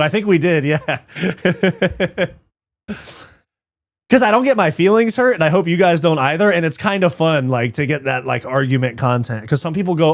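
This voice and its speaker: A man's voice: on the high side, moderate pace, vocal fry, dry recording, studio quality. A man hosting a live fight watch party, chatting casually, reading chat aloud, swearing often and laughing easily.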